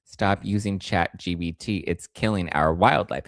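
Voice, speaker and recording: A male host giving sarcastic, animated commentary on celebrity news, at times jumping into high squeals. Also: a little slow, hardly any pauses, dry recording, clean studio sound. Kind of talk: casual commentary.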